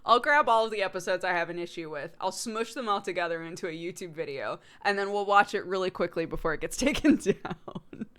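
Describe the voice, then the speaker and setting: A woman hosting a livestream, chatting casually in an animated way, laughing often and swearing now and then. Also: on the low side, a little fast, hardly any pauses, clean tone. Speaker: livestream host. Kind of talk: casual stream chat.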